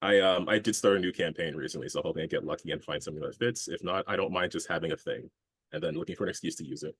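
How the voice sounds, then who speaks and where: Low-voiced man from Canada, thinking aloud. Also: racing, a bit bright, breathy edge, no echo, clean studio sound. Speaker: podcast regular. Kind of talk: casual group chat.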